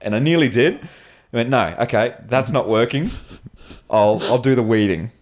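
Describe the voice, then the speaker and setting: A man's voice: medium pitch, normal speed. An Australian man co-hosting a podcast, telling casual stories full of swearing and laughter. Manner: swearing storyteller, laughs often. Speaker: podcast co-host. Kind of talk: casual chat.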